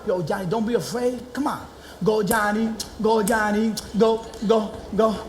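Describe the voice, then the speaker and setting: A man's voice: sits high, unhurried, reverberant, slight background noise. Ray Ray, a man doing a hustling street buddy. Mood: cheering. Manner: excited, coaxing, street slang. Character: hustling streetwise young friend, upbeat. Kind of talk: stand-up stage storytelling.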